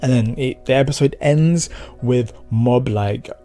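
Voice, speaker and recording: A man casually recapping and reviewing an anime episode, rambling and slangy, swearing and acting out quick bits of dialogue. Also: mid-range voice, dark tone, faint music behind.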